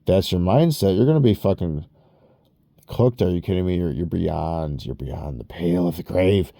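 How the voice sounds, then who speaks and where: Male vlogger, very low voice, dry close sound, rambling profane rants. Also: expressive, moderate pace, gravelly, dark tone, dry recording. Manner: rambling, profane, self-interrupting. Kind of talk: rambling personal vlog rant.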